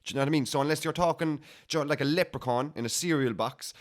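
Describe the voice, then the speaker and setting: A man's voice: fairly high pitch, racing. A young man with a Cork Irish accent chatting casually and swearing freely as he reacts to comments. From Ireland. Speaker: comedian being interviewed.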